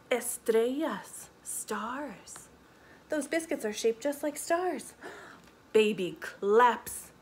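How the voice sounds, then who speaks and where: A children's librarian reading a picture book aloud, animated, with gasps, whispered asides, questions to the children and Spanish words. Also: female voice, a little high, takes it slowly, a little hiss or hum. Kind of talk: storytime read-aloud for kids.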